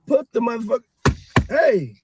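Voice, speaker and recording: A man in a comedy skit, a frantic passenger who rants and yells, swearing constantly. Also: extremely high pitch, sing-song, normal speed, very noisy. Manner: frantic, profane, yelling.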